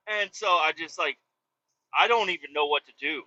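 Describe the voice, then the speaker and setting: Kansas trucker man, slightly high and very bright voice, casual profane yarn-spinning from the cab, muffled lo-fi sound. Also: moderate pace. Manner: profane, animated, acts out quotes. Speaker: truck driver. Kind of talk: casual rambling storytelling. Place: truck cab while driving.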